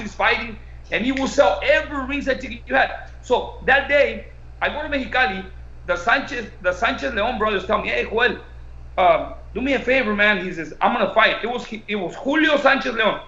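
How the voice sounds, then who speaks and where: A man, a boxing coach and co-host, telling an animated story and slipping between English and Spanish. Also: high voice. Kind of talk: casual storytelling. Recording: echoey room, dull lo-fi sound.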